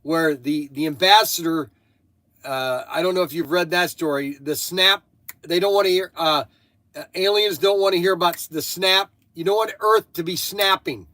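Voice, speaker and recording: A man's voice: high voice, moderate pace, pushed and bright, no room sound. An older man hosting a casual chat, rambling and going off on tangents, sounding tired. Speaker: host.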